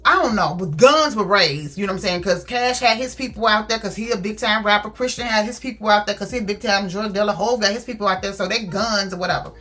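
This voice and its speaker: A woman's voice: medium pitch, fast talker, few pauses, bright, forceful tone, soft background music. A woman chatting casually through a book review, retelling the story with lots of fillers.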